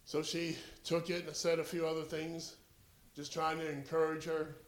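A man's voice: fairly high pitch, normal speed, roomy sound. A man preaching with a Southern US accent, praying earnestly and then telling a story from the pulpit. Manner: earnest, builds to excited animated storytelling. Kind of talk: sermon with prayer and storytelling.

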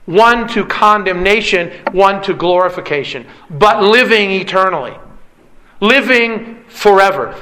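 A man's voice: sits high, bright, forceful tone, poor audio. A man preaching a sermon with an emphatic, repetitive cadence. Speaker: pastor.

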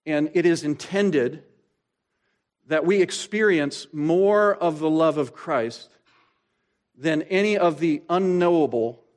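A male pastor preaching a sermon, asking rhetorical questions and pausing for effect, slowing down to stress key phrases. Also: fairly high pitch. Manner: expository preaching, rhetorical questions, dramatic pauses.

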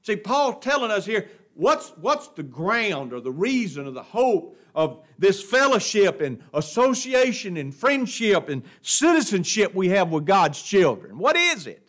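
A man's voice: sits high, very animated, a little slow, hardly any pauses, fairly bright tone. A man teaching an adult Bible class in a folksy way, often asking the class questions. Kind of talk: Bible lesson. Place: church classroom.

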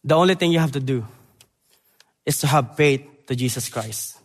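A young man from the Philippines, preaching a sermon in halting English that moves between loud emphasis and quiet, earnest moments. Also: medium pitch. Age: young adult. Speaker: preacher, Bible college graduate. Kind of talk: church sermon and missions presentation. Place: church sanctuary. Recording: long church hall reverb.

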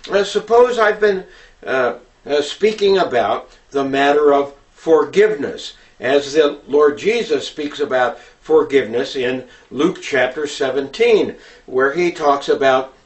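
A man teaching how to preach in a deliberate, earnest manner, pausing often with fillers as he explains. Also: fairly high pitch. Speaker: preaching instructor. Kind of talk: instructional talk on preaching. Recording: voice distant from the microphone.

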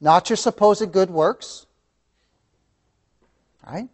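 Man, fervent Bible teacher with a slightly high voice; big swings from loud emphasis to near-whispers, repeats his points. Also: drawn-out words. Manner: impassioned, swings from loud emphasis to hushed asides; calls listeners "beloved", repeats key phrases. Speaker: Sunday school teacher. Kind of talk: preaching a Bible lesson.

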